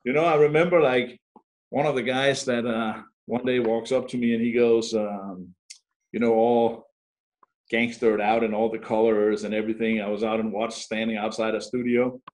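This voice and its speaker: A man's voice: mid-range voice, normal speed. Middle-aged Danish man telling stories. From Denmark. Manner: animated storyteller, self-mocking, frequent fillers and restarts. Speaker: podcast guest, security professional. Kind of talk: casual interview storytelling.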